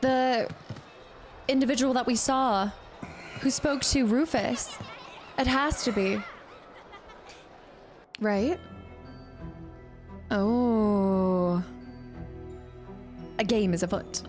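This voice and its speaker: A young woman streaming a video game, chatty and excitable, thinking aloud as she plays. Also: fairly high pitch, extremely slow, pauses often, faint music behind. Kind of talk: casual let's-play commentary.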